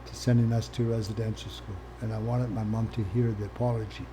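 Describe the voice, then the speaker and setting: An older man from Canada, a former First Nations chief, telling his life story as an interview guest in a candid, plain-spoken way that swings from quiet to animated. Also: fairly low pitch, fairly quick, noisy background.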